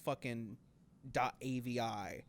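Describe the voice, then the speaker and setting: A man's voice: medium pitch, steady tone, slow. A young man telling a story in casual podcast chat, rambling with many fillers and acting out quotes. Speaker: podcast co-host.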